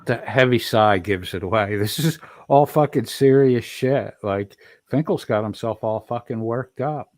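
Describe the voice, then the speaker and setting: A man's voice: mid-range voice, unhurried, few pauses, a little mellow, dry recording, clean studio sound. A man streaming profane, mocking commentary, swearing constantly and throwing insults at someone in a clip.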